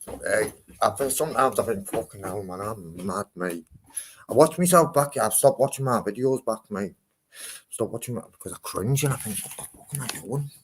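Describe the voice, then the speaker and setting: A man's voice: lowish voice, noisy background. A man, talking in a casual, rambling vlog, swearing freely. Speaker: vlogger.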